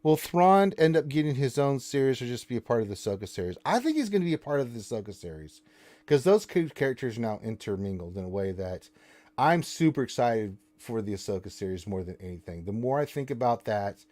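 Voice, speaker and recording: A man's voice: mid-range voice, sing-song, a little fast, darkish tone. A man hosting a casual live stream, answering chat questions and teasing viewers and his co-host with mock indignation.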